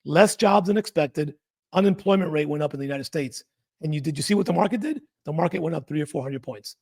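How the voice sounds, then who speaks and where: A man with a highish voice, quick pace and vocal fry hosts a trading channel, walking through chart analysis. His casual market talk is animated and emphatic, full of rhetorical questions.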